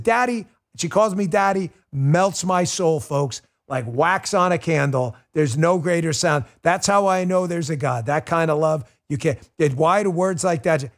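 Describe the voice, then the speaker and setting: A middle-aged man hosting a political talk show, his voice pitched a little high. He talks with emotional, exclamatory energy. His pitch jumps up sharply whenever he gets worked up. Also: moderate pace, few pauses. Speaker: podcast host.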